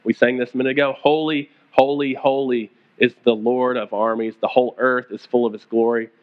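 A pastor preaching a conversational sermon, retelling stories and acting out the quoted voices. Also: male voice, mid-range voice, little pitch movement, a little fast, narrow, tinny audio.

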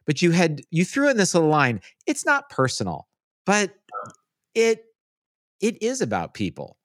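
A man's voice: fairly high pitch, wildly swooping pitch, moderate pace, a bit bright, dry recording, clean studio sound. A man hosting a casual interview, probing and rephrasing his questions. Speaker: podcast host.

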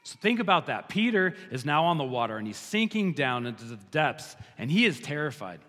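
A man preaching a sermon as pastor, animated, slowing down to stress his key lines. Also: fairly high pitch, big-room sound.

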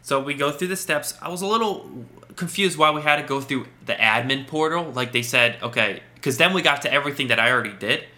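Bright-voiced man telling a story. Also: medium pitch, fast, hardly any pauses. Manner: animated storyteller, re-enacts dialogue. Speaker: podcast host. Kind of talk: casual chat.

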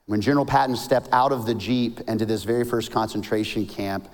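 A man, a pastor preaching a sermon in a lively, story-telling way. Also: brisk. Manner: animated, rises to high emphatic peaks, tells jokes and stories. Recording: long hall reverb.

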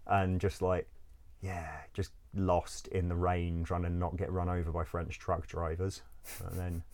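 A man's voice: sits low, monotone, measured pace, a little mellow. A man telling a travel story in a loose, rambling way, laughing often, swearing freely and filling gaps with "like" and "um". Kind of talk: casual storytelling.

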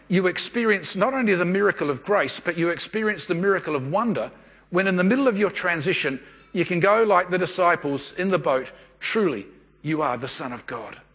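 A man delivers a sermon in an easy, storytelling manner. His voice sits high and a little husky, and it carries a long reverb from a church hall. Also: fairly bright tone. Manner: conversational storytelling preacher. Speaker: pastor.

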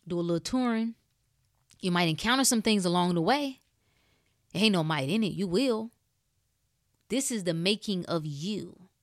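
A woman giving a motivational talk on health and spirit, preachy and emphatic, moving between loud bursts and soft hushed stretches in casual, clipped speech. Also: fairly low pitch, no echo, clean studio sound. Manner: casual speech with dropped words. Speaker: wellness speaker. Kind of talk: motivational monologue.

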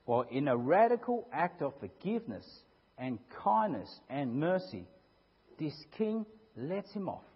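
A man with a slightly high, husky voice preaches a sermon, telling a story with lively swings of pitch and frequent rhetorical questions. The recording is dull and lo-fi, and his voice carries a long echo through a church hall. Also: a little slow. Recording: echoey hall, dull lo-fi sound.

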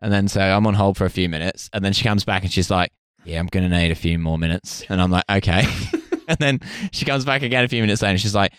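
Man telling a smooth anecdote. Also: low-pitched, fast, no room sound, studio quality. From United Kingdom. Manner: animated anecdote with swearing and quoted voices. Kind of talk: casual comedic storytelling.

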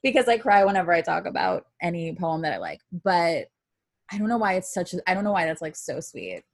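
A woman with a lowish voice chatting casually as a podcast co-host. She gets emotional and teary easily, and the recording is dry and close with no room sound. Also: sing-song, brisk, vocal fry, dry recording. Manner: emotional, tearful when talking about poems. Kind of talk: casual chat.

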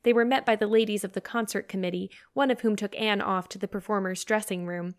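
A woman's voice: medium pitch, steady tone, quick pace. Woman narrating a story. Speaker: audiobook narrator. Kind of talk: scripted narration.

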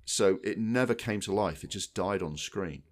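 A man's voice: fairly low pitch, normal speed. A man co-hosting a film podcast, talking at length in casual chat, with lots of restarts and repeated words. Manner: rambling, many restarts, animated. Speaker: podcast co-host.

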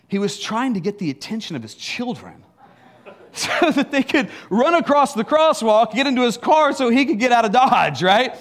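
A middle-aged man preaching a sermon in a church, telling a story with laughs and acted asides. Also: high voice. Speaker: pastor.

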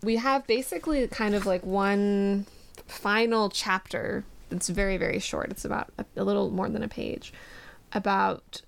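Woman, podcast host, casual book chat, gravelly fry, laughs easily. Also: medium pitch, steady tone, moderate pace. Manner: chatty, laughs easily, reads passages aloud.

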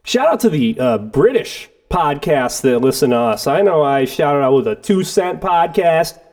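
A man's voice: on the high side, lively intonation, moderate pace, a little mellow. A man from the Detroit area, co-hosting a podcast in loose, joking, profanity-laced casual chat. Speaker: podcast co-host.

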